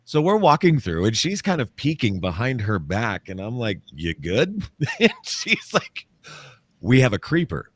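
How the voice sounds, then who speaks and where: A man, a paranormal author and interview guest, telling a story in a casual, animated way and acting out the quotes. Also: mid-range voice, moderate pace, no echo. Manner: animated, acts out quotes, laughs often.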